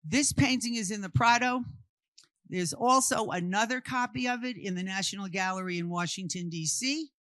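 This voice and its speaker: A woman's voice: medium pitch, moderate pace, fairly bright tone, dry recording. A woman from Brooklyn, giving an interactive art history talk and firing questions at her audience before answering them. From Brooklyn, New York. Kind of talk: interactive talk to a live group.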